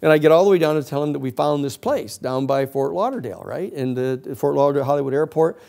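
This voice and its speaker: Gravelly-voiced man telling a story. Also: on the high side, fast talker. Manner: animated storyteller who acts out the other people's lines. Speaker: lecturer. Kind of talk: storytelling class lecture.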